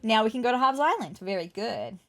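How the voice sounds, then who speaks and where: A woman hosts a casual let's-play, chatting away as she plays and reading the game's dialogue aloud. Her voice sits a little high for a woman, friendly and talkative in tone. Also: animated, fairly quick. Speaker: gaming video host.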